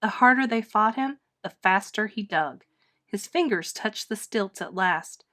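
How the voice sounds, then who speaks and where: A woman reading a children's storybook aloud with dramatic, expressive narration. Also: mid-range voice, a little slow. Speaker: storybook reader. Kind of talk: children's book read-aloud.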